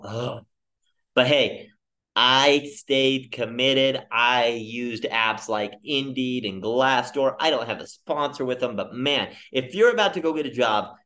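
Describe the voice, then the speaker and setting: A young man rambles through a comic monologue on his own podcast. His voice sits at an ordinary pitch for a man, and he keeps jumping up high and loud when he acts out the people in his story. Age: young adult. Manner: animated storytelling, acting out quoted people in jumpy voices. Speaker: podcast host. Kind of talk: casual comedic monologue.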